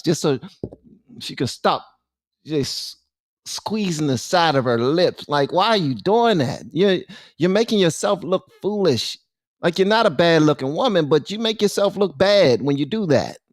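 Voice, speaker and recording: Host, man, lively swooping delivery, dry close sound, reacting to clips. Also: high-pitched, measured pace, dry recording. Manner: animated, playful, talks to the audience directly. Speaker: commentary channel host. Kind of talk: casual reaction commentary.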